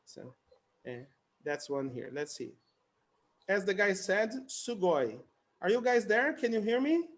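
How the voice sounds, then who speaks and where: Man, English teacher, high voice, chatty, repeats words, video call class. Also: big pitch swings, a little slow, pauses often. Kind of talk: casual online conversation class.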